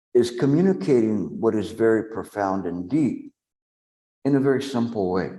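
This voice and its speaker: Slow, mellow-voiced male meditation teacher. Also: medium pitch. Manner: slow, deliberate, with long pauses. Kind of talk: dharma talk.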